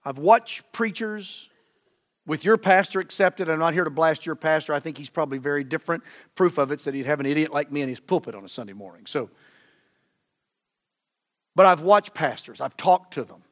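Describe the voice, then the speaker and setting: A middle-aged man preaching a sermon as a guest preacher, fervent, swinging from loud emphasis to low, earnest tones. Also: a little fast. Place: church sanctuary. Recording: long church reverb.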